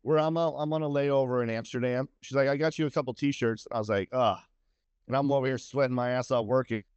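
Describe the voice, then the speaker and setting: A middle-aged guest talks casually in an emphatic, confident way, his voice at an ordinary mid pitch. The sound is dry with no room echo, and the recording is dull and lo-fi. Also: fairly even intonation, fast, darkish tone, smooth. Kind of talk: casual chat.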